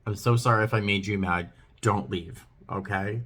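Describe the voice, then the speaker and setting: A middle-aged man talking to his viewers in a vlog, earnest and hesitant, with many pauses and restarts. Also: fairly low pitch, fairly even intonation, fairly bright tone, slightly rough. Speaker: vlogger. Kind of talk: talking to camera, heartfelt chat.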